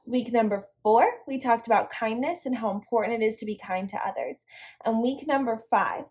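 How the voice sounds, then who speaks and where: A woman's voice: a little high, normal speed, darkish tone. A young woman leading an online devotional lesson for a girls' youth group, upbeat and encouraging as she speaks straight to the girls.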